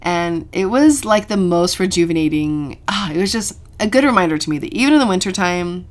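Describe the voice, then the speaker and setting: Woman, podcast co-host, mother, lowish voice, chatty, animated, laughs a lot. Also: a little fast. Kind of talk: casual chat.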